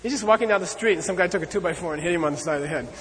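A man teaching a lecture on Buddhist ideas, talking in an animated, conversational way and checking in often with "okay?" and "you know.". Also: sits high, racing, a little hiss or hum. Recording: long hall reverb.

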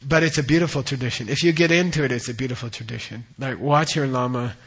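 A middle-aged man teaching Buddhist tradition, explaining terms slowly and often checking in with "okay?". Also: mid-range voice, fairly bright tone, husky. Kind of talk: dharma teaching.

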